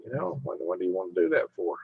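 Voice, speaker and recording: A man's voice: on the low side, sing-song, quick pace, vocal fry, slightly rough. A man hosting a casual live stream, rambling as he chats with viewers and humming to himself. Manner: rambling, chatty, hums to himself while browsing. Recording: dull lo-fi mic sound.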